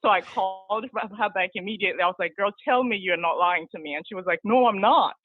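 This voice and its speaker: Woman co-host on a thin, phone-like line, chatty and animated, dry. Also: lowish voice, fast, no echo. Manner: animated retelling with laughs. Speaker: podcast co-host. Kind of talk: casual storytelling chat. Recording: tinny phone-like call line.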